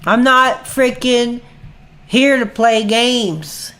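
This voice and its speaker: A woman's voice: on the high side, drawn-out words, a bit bright. A woman livestreamer ranting angrily at her chat in a heated, profane way. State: agitated. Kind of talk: angry livestream rant.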